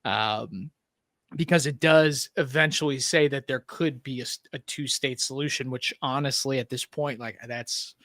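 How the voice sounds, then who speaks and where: Wry podcast host, dry close sound. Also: male voice, mid-range voice, steady tone, normal speed, fairly bright tone, dry recording. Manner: loose, filler-heavy, wry. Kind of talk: casual political chat.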